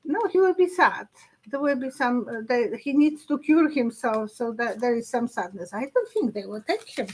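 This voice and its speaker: Husky, halting middle-aged woman psychic. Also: on the high side, animated, a little mellow, low-quality recording. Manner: halting, searching for words, laughs often. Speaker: psychic host. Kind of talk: casual live-stream chat.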